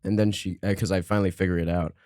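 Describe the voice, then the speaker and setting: Young male podcast host, low dry voice, rambling comic storyteller. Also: fairly even intonation, racing, a little mellow, no echo. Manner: rambling storyteller, laughs often, heavy filler words. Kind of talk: casual comedy podcast chat.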